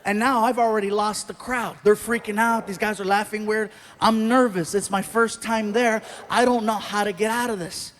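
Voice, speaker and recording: A man doing stand-up comedy, telling a story in an animated, self-mocking way. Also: high-pitched, a little hiss or hum. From Mexican-American. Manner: animated, self-mocking, many voices and laughs.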